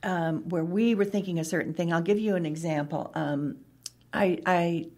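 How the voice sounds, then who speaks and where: A woman author being interviewed, telling lively stories and acting out the voices of the people in them. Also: on the low side, moderate pace. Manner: animated, acts out quoted dialogue. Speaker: author and guest. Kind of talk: conversational interview storytelling.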